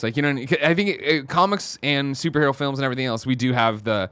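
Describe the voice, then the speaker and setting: A man hosting a casual podcast chat, rambling and animated as he tells stories. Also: medium pitch, fast talker, smooth, no echo. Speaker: podcast host.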